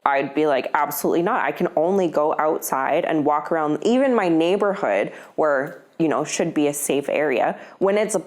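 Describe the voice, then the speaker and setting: A woman's voice: sits low, expressive, normal speed, hardly any pauses. A woman co-hosting a casual podcast from home, telling stories in a chatty way and laughing often. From Alberta, Canada. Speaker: podcast co-host. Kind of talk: casual chat. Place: at home, indoors.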